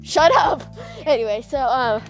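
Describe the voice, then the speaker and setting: A woman's voice: high-pitched, measured pace, faint music behind. A woman telling a rambling story while she walks outdoors at night. She giggles often and fills her speech with "like". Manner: rambling, giggly, full of fillers like "like". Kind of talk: casual vlog storytelling.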